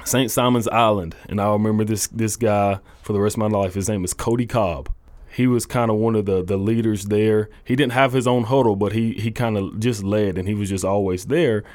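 A young man, a college football coach, telling his faith story in a halting, earnest way full of restarts. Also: lowish voice, fairly even intonation, a little mellow, dry recording. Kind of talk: casual testimony interview.

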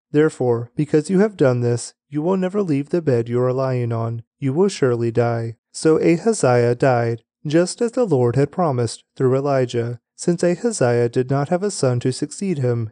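A man giving a daily Bible reading aloud, with a measured, even delivery and slow, deliberate headings. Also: mid-range voice, dry recording. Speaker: scripture reader.

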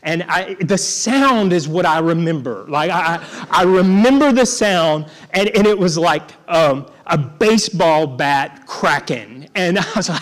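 A man preaching, his voice sitting somewhat high for a man. He tells his story in a halting way, doubling back on words and stopping to joke with the congregation. His delivery is casual and conversational rather than polished. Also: animated. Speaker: guest preacher. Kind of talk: storytelling sermon.

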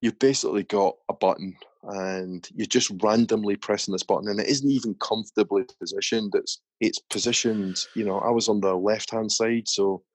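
A man with a very low voice tells a long story in easy, chatty podcast talk. The sound is close and dry, with no room around it. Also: fairly even intonation, moderate pace, hardly any pauses, no echo. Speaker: podcast host. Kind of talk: casual chat.

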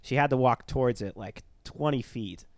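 A man's voice: mid-range voice, normal speed, dry recording. A young man telling a ghost story in casual podcast chat, rambling, with lots of fillers. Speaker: storyteller, former tour guide.

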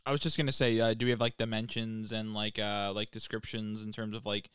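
A young man co-hosting a podcast, wisecracking in a halting, filler-filled way. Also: on the low side, flat delivery, a bit bright, clean tone, no echo, clean studio sound. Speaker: podcast co-host. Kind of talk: casual joking chat.

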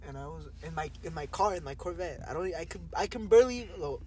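A man's voice: a little high, expressive, quick pace, a little mellow, slight background noise, rough recording. A young man on a podcast chatting casually, brash and boastful, full of slang and "bro". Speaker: podcast co-host. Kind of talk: casual chat.

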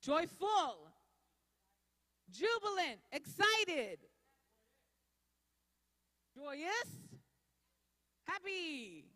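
A woman's voice: very high-pitched, big pitch swings, very slow, long pauses, bright, forceful tone. A woman leading an interactive sermon, playful and drawing answers from the crowd. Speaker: speaker leading a church audience. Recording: echoey hall.

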